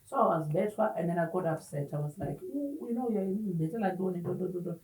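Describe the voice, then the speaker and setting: Woman, earnest and halting, personal testimony, roomy distant sound. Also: on the low side, a little mellow. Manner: earnest, halting, mixes in Xhosa words. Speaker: interview guest. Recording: roomy echo, distant mic.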